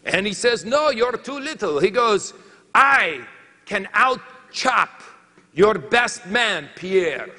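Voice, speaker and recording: A man playing a boastful French lumberjack who tells a comic tale in halting, broken English with a put-on French accent, in a reverberant hall. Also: high voice, expressive, sharp tone, heavily acted. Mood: storytelling.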